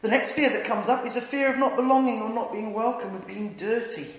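A middle-aged man with a light voice preaching a sermon, telling stories with self-deprecating humour and dropping soft and tender when he speaks Jesus's lines. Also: brisk, few pauses. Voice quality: light voice that never deepened. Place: church hall. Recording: echoey hall, long reverb.

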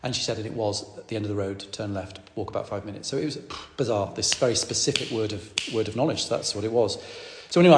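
A man preaching a sermon as a vicar, telling a story in a lively way and repeating phrases for emphasis. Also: on the low side. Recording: echoey hall, long reverb.

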